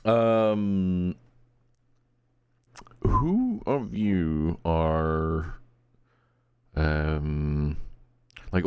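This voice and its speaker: A man's voice: very deep voice, a little mellow, smooth, no echo, clean studio sound. A man with a Norwegian accent running a tabletop game as game master, talking hesitantly. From Norway. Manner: hesitant, with many fillers and restarts.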